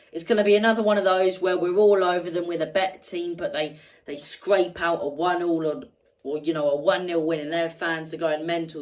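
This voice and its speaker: A woman's voice: low voice, low-quality recording. A woman hosting a fan match reaction, talking passionately and repeating words for emphasis. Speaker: football fan channel host.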